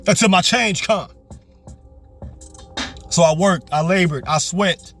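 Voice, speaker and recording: Fervent high-voiced preacher man. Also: moderate pace, pauses often, fairly bright tone, soft background music. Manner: fervent, repetitive, call-and-response preaching. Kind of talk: motivational sermon. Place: parked car.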